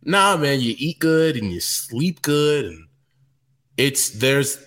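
Male co-host, mid-pitched and lively, confident, chatty. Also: takes it slowly. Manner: animated, laughing, confident. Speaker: podcast co-host. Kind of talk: casual chat.

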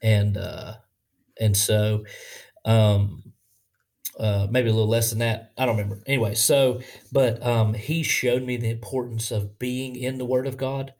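A man with a Southern accent, a pastor talking in a casual podcast conversation, earnest and halting, with many restarts. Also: medium pitch, steady tone, a little mellow. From Bible Belt, US.

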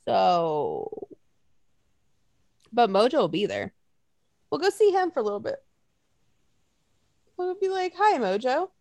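A woman's voice: fairly high pitch, takes it slowly, long pauses, no room sound. A woman co-hosting a casual chat, telling stories with lots of swearing and acted-out quotes. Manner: animated storytelling, swears a lot, acts out quotes.

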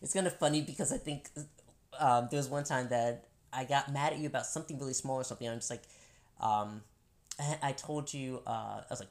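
Very low-voiced woman in casual chat. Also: a little fast, darkish tone. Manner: candid, laughs often, many restarts.

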